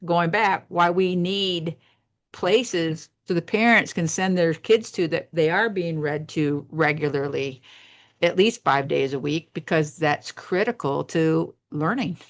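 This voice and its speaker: A woman's voice: sits low, measured pace. A woman, a retired teacher, speaking earnestly and emphatically in a casual panel talk, repeating words as she presses her point.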